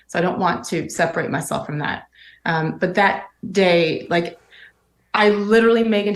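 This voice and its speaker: Candid woman in a roomy interview clip. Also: fairly low pitch. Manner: candid, tearful, halting. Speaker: interview guest, sportscaster. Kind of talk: emotional interview recollection.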